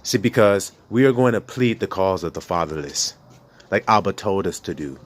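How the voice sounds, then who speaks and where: A man's voice: sits low, lively intonation, moderate pace. A man preaching with passion, bluntly and profanely, firing rhetorical questions at his listeners. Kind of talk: preaching to a congregation.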